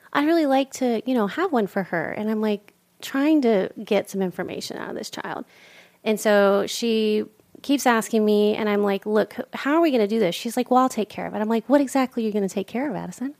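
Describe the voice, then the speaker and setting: A middle-aged woman co-hosting a podcast, chatting casually and acting out the dialogue in her stories. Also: on the high side. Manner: animated storyteller acting out dialogue. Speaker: podcast co-host. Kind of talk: casual chat.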